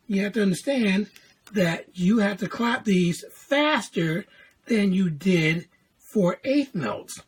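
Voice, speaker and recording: A woman's voice: mid-range voice, darkish tone, slightly rough. A woman teaching a music lesson, patiently explaining note values and counting in before chanting syllables. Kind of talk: classroom lesson video.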